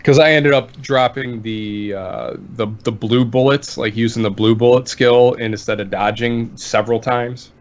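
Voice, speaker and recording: A man in easy, rambling conversation as a co-host, his sentences drifting and restarting. His voice sits at an ordinary middle pitch. The sound is a bit dull and lo-fi. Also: moderate pace, few pauses. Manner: relaxed, rambling, trails off mid-sentence. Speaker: podcast co-host. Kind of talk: casual chat.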